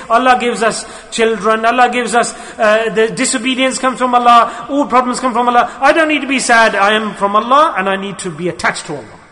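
Male Sufi teacher, high bright voice, earnest sermon, reverberant hall. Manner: earnest, repeats key phrases.

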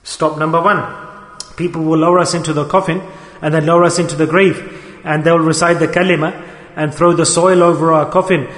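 A man preaches an emotional sermon in a somewhat high voice, firing rhetorical questions and sinking to hushed tones. His voice rings out in a large hall with a long, echoing reverb. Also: little pitch movement, brisk.

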